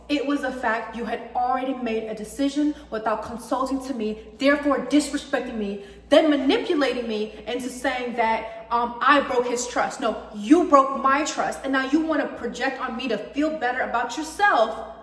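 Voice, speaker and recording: A young woman ranting heatedly about a breakup, emphatic and swearing freely. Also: high-pitched. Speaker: vlogger. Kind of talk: personal storytime rant. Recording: echoey room with long reverb.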